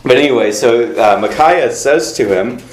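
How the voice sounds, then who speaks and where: A man's voice: medium pitch, animated, moderate pace. A man teaching a casual Bible class, talking with many fillers and reading verses aloud to his students. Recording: echoey room.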